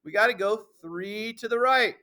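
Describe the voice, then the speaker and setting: A high-pitched man teaches a middle school math class at a moderate pace, playful and emphatic. He addresses the students as ladies and gentlemen and checks often that everyone understands.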